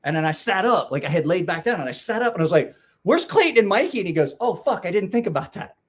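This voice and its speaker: Husky man telling rowdy stories. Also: high-pitched, animated, quick pace. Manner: profane, rambling anecdote with laughs. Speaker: storyteller guest. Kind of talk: casual storytelling chat.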